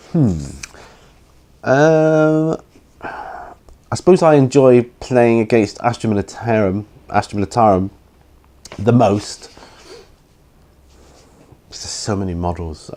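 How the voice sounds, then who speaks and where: Male host, deep voice, worn out, loose and hesitant casual chat. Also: a little mellow. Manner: rambling, hesitant, full of ums. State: tired, yawning. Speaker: hobby channel host answering viewer questions.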